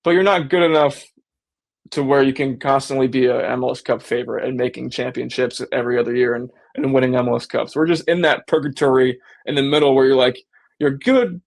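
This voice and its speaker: A man's voice: medium pitch, fairly even intonation, fairly quick, gravelly. A man hosting a casual sports fan show, talking animatedly and slipping into mock voices when he quotes people. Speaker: sports podcast host.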